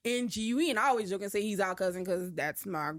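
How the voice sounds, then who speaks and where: A woman from the New Orleans area with a New Orleans accent, telling lively anecdotes in casual chat and acting out the people she quotes. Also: mid-range voice, fast, no room sound, clean studio sound.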